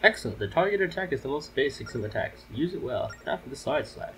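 A man's voice: medium pitch, big pitch swings, quick pace, a bit bright, soft background music, pitched above the performer's own voice. A man voicing an old male sword master in a video game, patient and teacherly. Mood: instructive.

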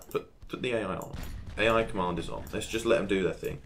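Low-voiced man narrating his gameplay. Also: quick pace, a little hiss or hum. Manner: chatty, talks to himself while playing, excitable exclamations. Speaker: gaming channel host. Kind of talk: casual gameplay commentary.

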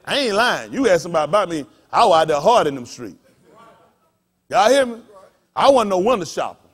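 High, animated preacher man. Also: fairly quick, breathy edge. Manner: animated, bursts into shouts and laughter, folksy preaching. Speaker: pastor. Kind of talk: sermon with personal storytelling. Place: congregation hall.

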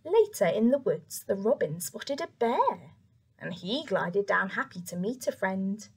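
A young woman reading a picture book aloud to children, soft and expressive, with whispered asides. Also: medium pitch, a little slow, husky. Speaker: children's story reader.

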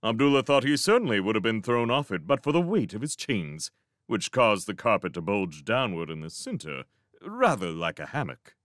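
A man narrates a storybook in a low voice, measured yet expressive, letting his pitch rise and fall widely through the lines. The recording is dry and close with no room sound. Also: dry recording. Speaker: reader. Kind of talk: audiobook narration.

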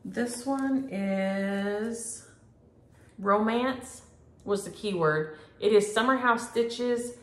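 A middle-aged woman talks in a homey, chatty way, sprinkling in y'all as she shows off her stitching and happy mail. Her voice sits at an ordinary pitch for a woman. It carries a noticeable echo from a room at home, picked up by a camera mic. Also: very slow. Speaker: flosstube host. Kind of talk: casual chat to camera. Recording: echoey room.

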